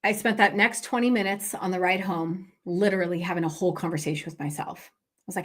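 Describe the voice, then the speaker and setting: A woman's voice: mid-range voice, fast. A woman, a business coach hosting a podcast, telling a personal story in a casual, conversational way, with lots of fillers and questions to her listeners. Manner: frequent fillers and tag questions.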